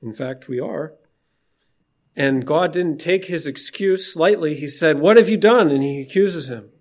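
A man's voice: fairly high pitch, measured pace. A man preaching an informal sermon in a conversational, emphatic way.

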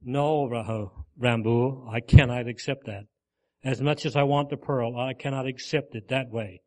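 A man's voice: mid-range voice, fairly even intonation, moderate pace, warm tone, natural voice. A man voicing a missionary in a sermon story, speaking firmly and sincerely. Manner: firm, sincere. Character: male missionary, determined and humble.

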